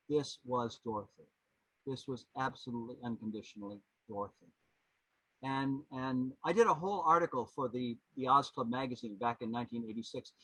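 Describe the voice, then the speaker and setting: A man in his seventies, a podcast guest and historian, telling anecdotes in an animated, rambling way with many restarts. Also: medium pitch, slightly rough, dry recording, poor audio. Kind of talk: anecdotal storytelling.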